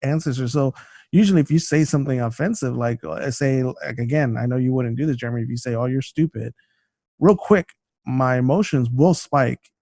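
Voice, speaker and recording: This man co-hosts a podcast, chatting casually and rambling with plenty of fillers and restarts. His mid-range voice is brisk with a darkish tone, captured on a studio mic with a dry, clean sound.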